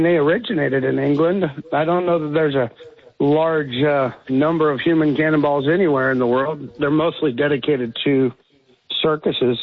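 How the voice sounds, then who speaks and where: Upbeat male interview guest, fairly high voice, fluent storyteller, muffled broadcast audio. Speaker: guest performer. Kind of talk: radio interview.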